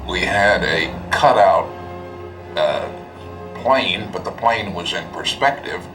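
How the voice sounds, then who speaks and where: An older man interviewed about his film work, recalling it in a plain, deliberate way. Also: deep voice, animated, music in the background. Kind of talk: interview recollection.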